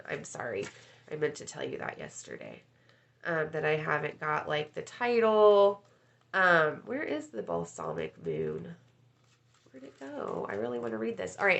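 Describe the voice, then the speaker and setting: A woman's voice: lowish voice, vocal fry, fairly bright tone. A woman coach chatting casually on a live stream, rambling and addressing viewers by name, with casual swearing. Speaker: life coach hosting a live session.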